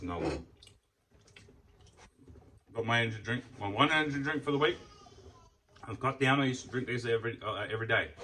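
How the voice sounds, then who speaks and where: Lowish in pitch yet bright and forceful, this man's voice comes from a distance with some hiss or hum on low-quality audio. He's a food vlogger talking casually at mealtime, rambling, cursing freely and eating as he speaks.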